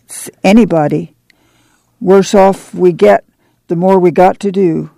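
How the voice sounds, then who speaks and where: A man's voice: high-pitched, fairly even intonation, a little slow, gravelly, warm tone, no room sound, clean studio sound. A man reading aloud voicing a tired, steadfast mother of a poor rural family in an audiobook, in plain country speech. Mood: weary.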